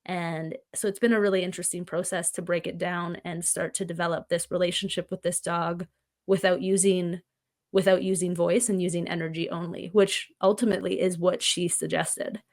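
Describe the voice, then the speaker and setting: Podcast guest: woman, slightly low voice, earnest storyteller. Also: flat delivery, normal speed, a little mellow. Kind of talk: conversational podcast chat.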